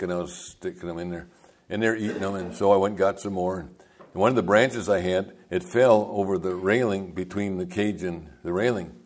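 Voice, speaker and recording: An older man, a pastor, telling rambling folksy stories in a sermon and chuckling as he goes. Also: low-pitched. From United States.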